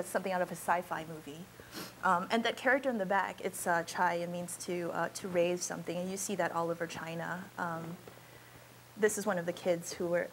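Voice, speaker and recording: A woman's voice: lowish voice, a little hiss or hum, low-quality recording. A woman photojournalist giving an informal slideshow talk in a university auditorium, speaking in a candid, conversational and unpolished way.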